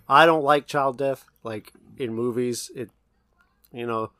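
A man's voice: mid-range voice, steady tone, a little slow, crowd noise. A man co-hosting a podcast, chiming in briefly and agreeably with firm opinions about movies. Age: young adult to middle-aged, a parent. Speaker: podcast co-host. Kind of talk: casual film review chat.

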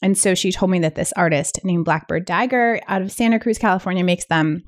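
A woman's voice: lowish voice, brisk. Chatty woman co-host, filler-heavy talk. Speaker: podcast co-host. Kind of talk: casual chat.

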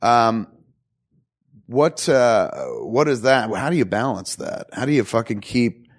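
A man hosting a casual podcast interview, telling stories in an animated way and swearing casually. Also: medium pitch, unhurried. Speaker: podcast host, director.

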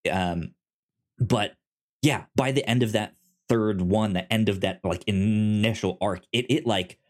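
A man co-hosting a podcast in casual chat, animated, stumbling and repeating the starts of words. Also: a little slow. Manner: animated, stammers on word starts; acts out quotes in a high voice. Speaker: podcast co-host.

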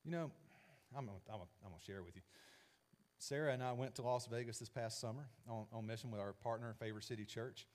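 A male pastor delivers a sermon in a relaxed, conversational style. He presses his points with emphasis. His voice sits at an ordinary middle pitch for a man. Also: quick pace.

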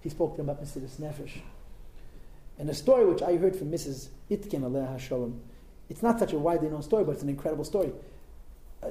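A man's voice: a little high, dark tone. A man telling a story in an informal religious talk, conversational and emphatic, with asides to his listeners. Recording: roomy echo with faint background.

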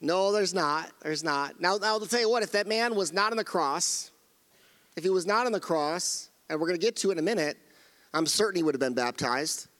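A man's voice: high-pitched, lively intonation, a little fast, a bit bright, in a large hall. A middle-aged male pastor preaching a sermon, earnest and emphatic, often repeating phrases and restarting his sentences. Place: church sanctuary.

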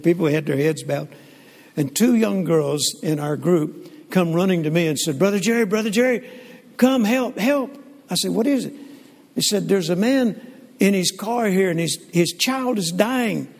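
An older man, telling stories in a folksy, animated sermon with frequent restarts. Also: fairly high pitch, normal speed, creaky. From Southern United States. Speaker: preacher. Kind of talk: sermon storytelling. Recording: long hall reverb.

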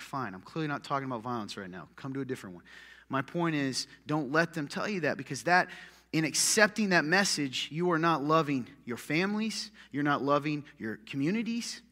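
A man preaching a sermon as pastor, punchy and joking, swinging from loud calls to muttered asides. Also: fairly high pitch, lively intonation, moderate pace. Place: church hall with long reverb. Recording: echoey church hall.

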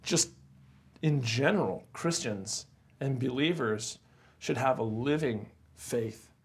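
Co-hosting a casual chat, a man tells stories animatedly in a mid-range, husky voice at a slow pace. He calls his friend bro and often says crazy.

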